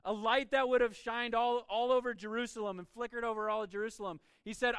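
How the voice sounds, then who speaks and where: High-pitched guy pastor preaching, gets loud then soft, smooth tone, dry sound. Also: fairly even intonation, quick pace, hardly any pauses, dry recording. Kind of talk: sermon.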